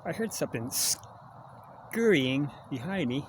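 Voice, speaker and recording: A man's voice: fairly high pitch, lively intonation, takes it slowly. A man rambling and joking as he vlogs in the woods, coaxing animals toward him, filmed on a camera held at arm's length. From Canada. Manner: chatty, jokey, coaxing animals. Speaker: vlogger. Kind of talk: rambling outdoor vlog. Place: woods outdoors. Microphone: handheld camera at arm's length. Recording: outdoor noise, wildlife around. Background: outdoor ambience, animals.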